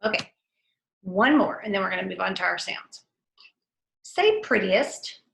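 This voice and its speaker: A woman teacher leading a phonics lesson for young children, saying each word slowly and clearly for the class to repeat. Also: medium pitch, expressive, a bit bright, a little hiss or hum. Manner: slow, clearly enunciated word drills. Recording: roomy echo.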